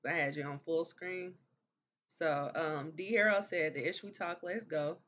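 Unhurried bright-voiced man reading comments. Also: on the high side, dull audio. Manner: reads viewer comments aloud, short reactions. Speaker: podcast co-host reading comments. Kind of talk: casual chat.

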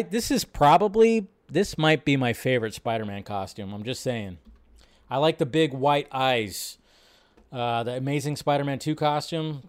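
A man's voice: medium pitch, smooth. A man hosting a casual live stream, rambling about movies, swearing freely, reacting to chat and laughing often.

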